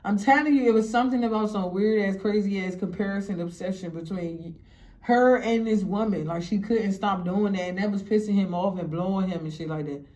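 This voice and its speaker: A woman recounts a story in a casual, animated way. She swears freely and acts out what others said. Her voice sits at a middle pitch. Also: a little fast. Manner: animated, profane, acts out quotes.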